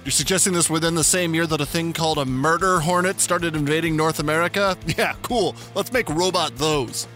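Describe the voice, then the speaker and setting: A man's voice: a little high, fairly even intonation, a little fast, hardly any pauses, fairly bright tone, faint music behind. A man hosting a tech news show, reading stories with sarcastic joking asides. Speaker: host. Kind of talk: casual tech news commentary.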